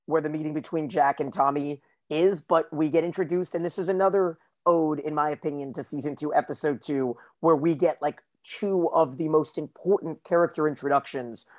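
Podcast co-host, casual recap chat, chatty, lots of fillers, mid-range voice. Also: mid-range voice. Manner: chatty, loose, heavy on filler words like "like".

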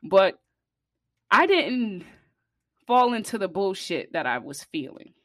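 A woman telling a personal story to her viewers in a casual way, blunt and profane, getting louder and higher when she gets heated. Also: takes it slowly, dry recording, clean studio sound. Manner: blunt, profane and animated, rising in pitch and volume when heated. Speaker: vlogger.

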